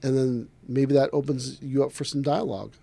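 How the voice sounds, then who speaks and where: A man, an aikido instructor, in a casual podcast talk, telling lively stories and acting out other people's lines. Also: mid-range voice, normal speed, creaky, breathy edge, no echo. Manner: animated storyteller acting out other people's voices.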